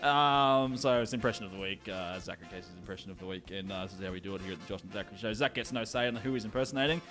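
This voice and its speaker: A man's voice: on the low side, very fast, over music. A man hosting a casual comedy radio show, often laughing and filling gaps with "uh". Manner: laughs often, fills with "uh", runs the desk.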